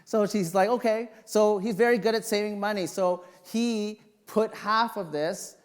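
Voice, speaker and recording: A male pastor preaching a sermon, telling personal stories in an animated, joking way. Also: high voice, measured pace, clear, resonant tone. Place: church sanctuary. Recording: long reverb of a church hall.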